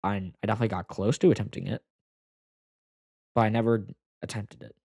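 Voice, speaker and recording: A young man telling a personal story to the camera, halting and full of fillers, close to tears at times. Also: on the low side, steady tone, gravelly, a little mellow, slightly rough, no room sound. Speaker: vlogger.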